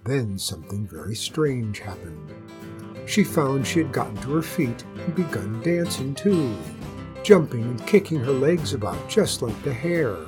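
A storyteller reading a fairy tale aloud in an expressive, lilting way. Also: mid-range voice, unhurried, over music. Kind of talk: storybook narration.

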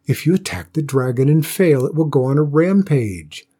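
A man's voice: on the high side, lively intonation, moderate pace, mellow, husky, pitched above the performer's own voice. A man voicing worried village parents who plead anxiously. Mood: fearful.

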